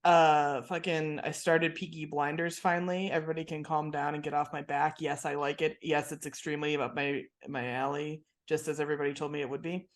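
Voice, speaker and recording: A woman co-hosts a podcast in relaxed, chatty talk. She swears without a second thought and laughs often while recapping an episode. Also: low-pitched, brisk, few pauses. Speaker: podcast co-host. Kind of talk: casual chat recapping a TV episode.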